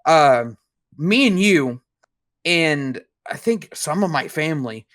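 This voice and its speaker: A young man co-hosting a podcast, telling a dream story in a rambling, halting way. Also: a little high, expressive, fairly bright tone. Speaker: podcast co-host. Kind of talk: casual chat.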